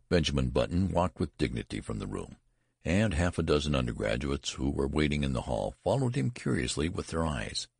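A man reading a story aloud as a narrator, in a measured and even manner. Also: extremely low pitch, vocal fry, breathy edge, dry recording, studio quality. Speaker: audiobook narrator. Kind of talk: scripted narration.

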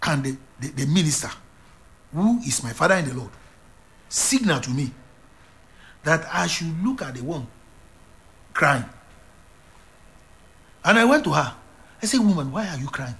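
A man's voice: a little high, big pitch swings, moderate pace, pauses often, a bit bright. A man preaching a sermon as an evangelist, emphatic and repetitive, with stammered restarts.

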